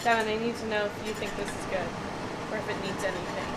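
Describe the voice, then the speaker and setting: A woman's voice: mid-range voice, steady tone, fast, very noisy. A woman co-hosting a cooking video, chatting casually and giggling in a home kitchen. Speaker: cooking channel co-host. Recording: echoey kitchen.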